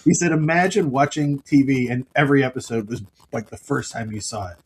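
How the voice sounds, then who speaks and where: A middle-aged man co-hosting a podcast, chatting casually and telling family stories with quick impressions of the people in them. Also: medium pitch, noisy background. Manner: storytelling, mimics his father's outbursts. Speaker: podcast co-host. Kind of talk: casual chat.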